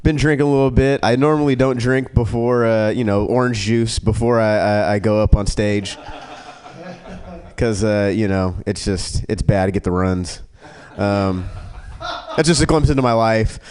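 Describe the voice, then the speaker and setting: A man doing a stand-up comedy set, rambling and profane, full of fillers and restarts, who jumps to a higher pitch when he acts out other people. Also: moderate pace, darkish tone. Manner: acts out characters in a raised pitch.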